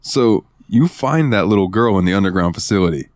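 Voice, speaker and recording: Podcast co-host, male, lowish voice, dry close sound, excitable and profane storyteller. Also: a little fast, no room sound. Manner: excitable storyteller, swears freely. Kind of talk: casual gaming chat.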